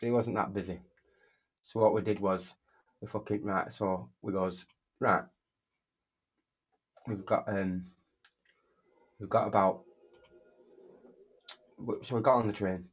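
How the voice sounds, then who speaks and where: A man's voice: on the low side, fairly even intonation, takes it slowly, long pauses, husky. A young man, casually telling a rambling, sweary story while streaming. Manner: rambling, heavy swearing, frequent restarts.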